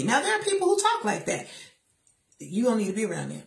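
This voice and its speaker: A middle-aged woman giving a faith-based motivational talk from a chair, emphatic and sassy, with lively asides to her listeners. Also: fairly high pitch, brisk, vocal fry, echoey room. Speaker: motivational speaker. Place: seated in a chair.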